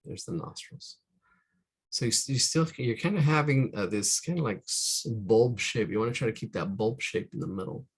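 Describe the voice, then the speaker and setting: Gravelly man talking through a drawing. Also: medium pitch, moderate pace. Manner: relaxed, talks through each stroke, counts aloud; muttering asides, trails off often. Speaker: art instructor. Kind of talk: live drawing demonstration.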